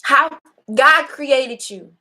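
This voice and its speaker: A woman's voice: high-pitched, extremely slow, sharp tone. A young adult woman hosting her own show, giving a casual, impassioned and preachy talk to her viewers with blunt, profane language. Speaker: host. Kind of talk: casual motivational talk to a live audience.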